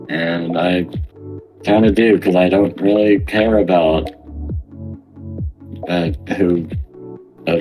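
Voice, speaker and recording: A man's voice: deep voice, fairly even intonation, slow pace, long pauses, a little mellow, soft background music, low-quality recording. A man co-hosting a podcast, rambling in casual, self-mocking chat while talking to the listeners alone. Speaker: podcast co-host.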